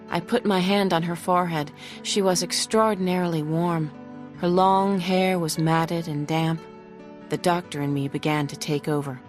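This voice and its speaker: A woman's voice: on the low side, fairly even intonation, moderate pace, faint music behind. Emotive female audiobook narrator. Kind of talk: first-person novel narration.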